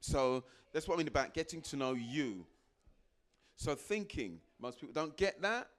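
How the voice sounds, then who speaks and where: A man giving a motivational talk to a live audience, repeating phrases for emphasis and acting out little exchanges with sudden jumps into a high voice. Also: normal speed. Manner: animated, acts out little dialogues with sudden high jumps in pitch. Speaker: guest speaker.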